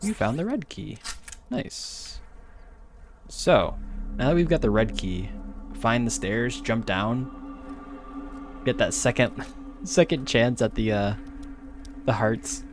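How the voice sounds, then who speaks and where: A man casually commenting while he plays a game on a close desk mic, jumping to high yelps when startled. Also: animated, takes it slowly, long pauses. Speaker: gaming streamer. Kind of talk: casual let's-play commentary. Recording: game music underneath.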